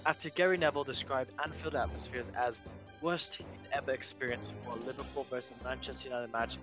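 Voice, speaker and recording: Hosting a casual football podcast, a man with a mid-range voice keeps things chatty and loose, full of fillers and asides, as he passes the floor to his co-hosts. The recording quality is low.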